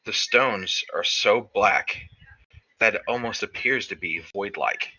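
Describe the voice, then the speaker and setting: A man narrating a tabletop game as game master, describing scenes in slow detail with fillers. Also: fairly low pitch, pushed and bright, muffled recording.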